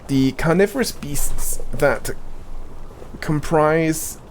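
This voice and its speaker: A man reading out a stern army commander's lines from a game, slowly and deliberately. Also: a little high, a little hiss or hum, voice pushed up. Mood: solemn.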